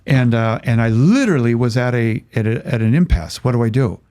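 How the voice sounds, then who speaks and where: An older man, a podcast guest, telling a lively story in casual conversation and acting out the voices of the people in it. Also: medium pitch, a little fast. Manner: acts out voices in his stories, chuckles often.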